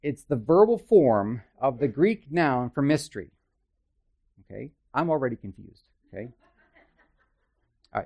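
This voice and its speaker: A man's voice: medium pitch, darkish tone. A man teaching a Bible study in a conversational way, with chatty, self-deprecating asides and frequent checks with his listeners.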